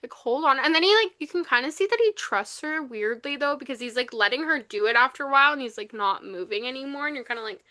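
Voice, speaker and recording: A woman's voice: high-pitched, lively intonation, fast, few pauses, pushed and bright. A woman co-hosting a book podcast, casually rambling through a plot recap with lots of "like" and the odd swear word. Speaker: podcast co-host. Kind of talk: casual book review chat.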